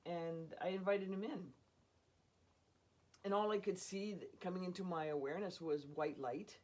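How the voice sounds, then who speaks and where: A woman casually telling a personal story in an animated way, often laughing and acting out what people said. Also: lowish voice, moderate pace. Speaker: storyteller guest.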